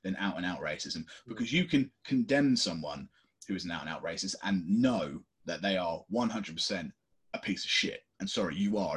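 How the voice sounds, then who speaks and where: A podcast co-host with a husky edge to his voice. He talks in an impassioned rant, his intonation leaping up and down, and he swears without holding back. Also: lowish voice. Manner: impassioned, ranting, swears freely. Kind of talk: casual chat.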